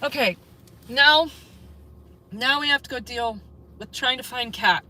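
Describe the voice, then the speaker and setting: A woman narrating a live street stream into her phone, her voice pitched a touch high. She talks with a sarcastic, needling edge and can flare into loud shouting. Traffic hums clearly behind her outdoors. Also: measured pace, low-quality recording. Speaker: livestreamer filming police. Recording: street recording with traffic noise.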